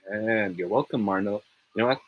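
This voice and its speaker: A man's voice: lowish voice, brisk, muffled recording. A young man with a Filipino accent, teaching an upbeat and encouraging online pronunciation lesson, often slipping into Tagalog. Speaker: online tutor.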